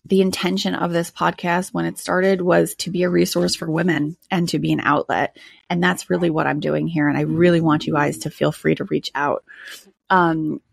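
A woman's voice: fairly low pitch, flat delivery, moderate pace, creaky, husky, no room sound. A woman hosting her own podcast, talking candidly in a chatty way with frequent laughs and filler words. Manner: candid, chatty, laughs often, many ums. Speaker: podcast host. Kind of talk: casual solo podcast monologue.

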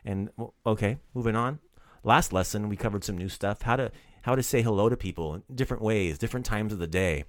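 Man, language teacher, deep voice, playful, upbeat, dry close sound. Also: brisk, no room sound. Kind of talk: casual podcast language lesson.

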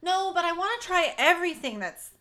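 A woman's voice: very high-pitched, lively intonation, bright, forceful tone. A woman co-hosting a podcast in casual chat from a basement, playful and jokey. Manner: playful and chatty, quick to joke. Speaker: podcast co-host.

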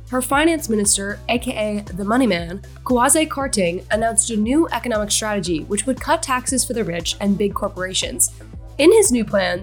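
A woman news correspondent narrating a scripted explainer in a breezy, chatty way, with faint music behind her. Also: fairly high pitch.

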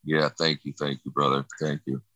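A middle-aged man with a low, deep voice that still carries a bright, forward edge. He speaks haltingly and reflectively, often restarting his phrases. The recording is dry and close. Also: level tone, no room sound, rough recording. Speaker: guest sharing personal loss. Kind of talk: emotional personal account.

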